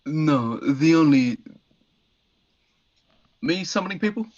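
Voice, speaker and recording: A man's voice: on the high side, expressive, slow, a little mellow, dull audio. A man playing a starship captain in a tabletop game, speaking in character with a dry, wry manner. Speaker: player as ship captain.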